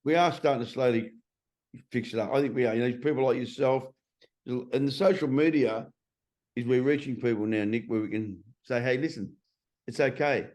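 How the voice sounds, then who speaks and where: A man's voice: mid-range voice, a little fast, darkish tone. A middle-aged man in a casual interview. He is a transformation coach who talks bluntly and swears freely.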